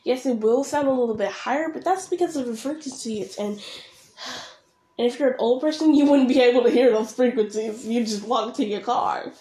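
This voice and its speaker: A woman's voice: fairly high pitch, brisk, warm tone, echoey room. A young woman ranting bluntly and sarcastically while she reacts to a video. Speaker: reaction vlogger.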